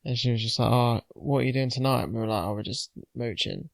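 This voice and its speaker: A man's voice: medium pitch, quick pace, creaky, no echo. A man on a casual podcast, telling an anecdote and laughing through it. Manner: storytelling, laughs at his own anecdote. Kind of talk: casual chat.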